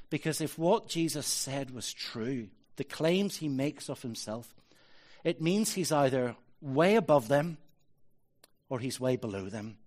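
Man, pastor, sermon, earnest, emphatic questions, mid-range voice. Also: medium pitch.

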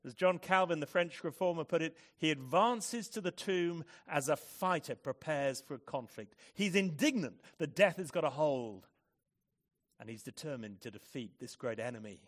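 A man preaching a sermon, moving between hushed, measured reflection and loud, forceful emphasis. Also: a little high, expressive.

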